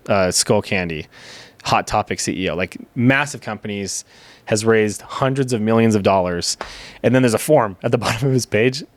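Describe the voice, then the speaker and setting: A man's voice: lowish voice, no room sound. A man on a podcast as the guest, telling a story candidly in casual chat, cursing now and then and acting out the lines of people he quotes. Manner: candid storytelling, swears, acts out quoted dialogue.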